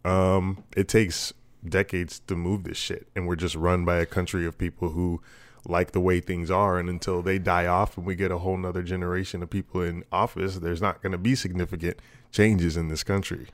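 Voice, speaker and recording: Man, podcast co-host, very low voice, loose profane banter, dry close sound. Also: little pitch movement, moderate pace, no room sound. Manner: profane, laughing, rambling. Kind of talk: casual chat.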